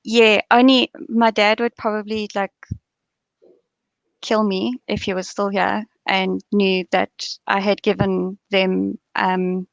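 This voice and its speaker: A woman's voice: medium pitch, flat delivery, takes it slowly, creaky, no echo, lo-fi sound. A woman from South Africa hosting a livestream chat, teasing her guest in a chatty way. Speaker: livestream host.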